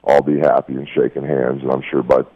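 A man's voice: rumbling low, level tone, a little fast, no echo. A man telling an angry, profane story as a guest on a radio show. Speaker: wrestler guest. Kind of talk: angry phone-in rant. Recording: dull lo-fi radio sound.

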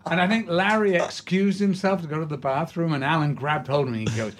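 A man's voice: a little high, fast, slight background noise. An older man from Britain, an actor telling stories casually, stumbling over words and laughing often. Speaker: actor guest.

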